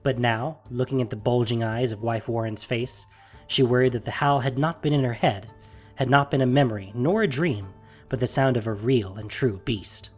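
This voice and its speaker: A narrator reading a fantasy story aloud in a measured, steady storytelling manner. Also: mid-range voice, slightly rough, soft background music.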